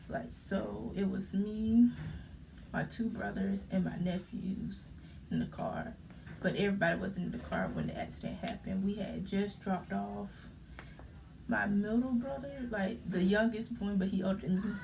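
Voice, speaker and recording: A young woman tells her story in a casual vlog, her voice gravelly with vocal fry. She talks in halting bursts full of fillers and sounds close to tears. The mic sits a little away from her, with a faint room hum behind. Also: medium pitch, mellow, distant mic. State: holding back tears. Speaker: vlogger.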